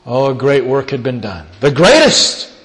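A man preaching a sermon, reading scripture and retelling it with dramatic storytelling and big swings in pitch and loudness. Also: sing-song, moderate pace. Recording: long hall reverb.

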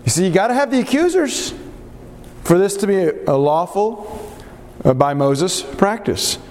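A man's voice: high voice, animated, a little slow, darkish tone, big-room sound. A man leading a Bible study group, teaching earnestly and putting questions to the group.

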